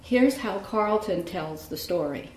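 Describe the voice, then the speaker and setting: A woman narrating a true story in a measured, grave way, often dropping low at the end of phrases. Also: animated, a little hiss or hum. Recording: roomy echo.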